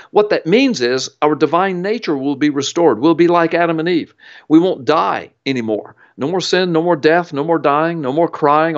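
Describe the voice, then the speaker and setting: A man's voice: a little high, dull audio. A man guest in an interview, explaining with an earnest, emphatic, preacherly storytelling manner. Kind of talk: interview teaching.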